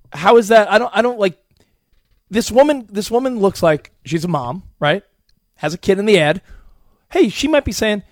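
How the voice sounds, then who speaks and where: Earnest man with a high, lively voice. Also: dry recording, studio quality. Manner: earnest, arguing his point. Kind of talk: casual chat.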